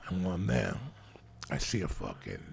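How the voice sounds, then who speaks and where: A man telling profane, animated stories in casual chat. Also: deep voice, a little fast, gravelly, a little hiss or hum. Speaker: podcast host.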